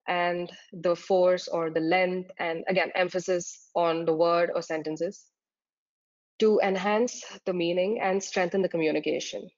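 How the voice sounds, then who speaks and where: Low-voiced woman tutor, dull recording. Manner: explains terms step by step, with frequent fillers. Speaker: exam tutor. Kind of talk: slide-based lecture.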